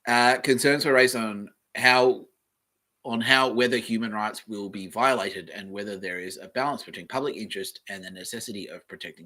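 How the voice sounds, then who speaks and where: A man's voice: on the low side, bright, forceful tone. An Australian man hosting a solo podcast, reading aloud in a meandering, offhand way and swearing casually. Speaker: podcast host.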